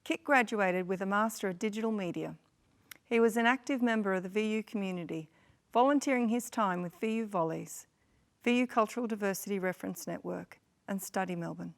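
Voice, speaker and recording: A woman presenting a speaker at a ceremony, reading a formal introduction in a measured way. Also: mid-range voice, creaky.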